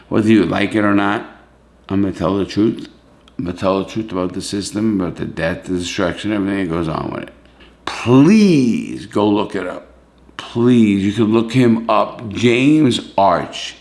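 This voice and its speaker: A man's voice: deep voice, gravelly. A man, hosting a vlog, pleading in an emotional, profane rant. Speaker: YouTube host, former prisoner.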